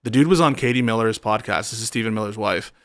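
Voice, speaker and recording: A man's voice: on the low side, fast, a bit bright, no echo, clean studio sound. A man hosting a casual political talk, earnest and wordy, building to indignation.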